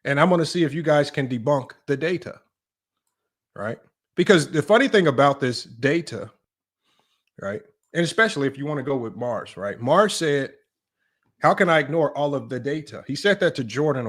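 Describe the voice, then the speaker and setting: A man's voice: medium pitch, expressive, a little fast. A man hosting a livestream sports talk show, emphatic and repetitive, tossing in "right?" and "y'all" as he argues a point. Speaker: sports channel host.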